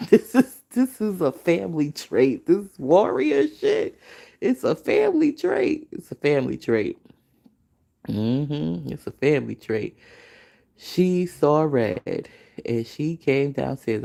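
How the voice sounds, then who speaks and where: Gravelly low-voiced woman telling a story. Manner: animated storytelling with laughter and profanity. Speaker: podcast host. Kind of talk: storytelling, casual chat.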